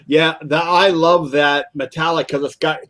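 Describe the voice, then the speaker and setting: A man's voice: fairly high pitch, steady tone, unhurried, fairly bright tone. An older man co-hosting a casual hobby show, chatting in a rambling, storytelling way that often trails off. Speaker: co-host of a model car customizing show. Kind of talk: casual chat.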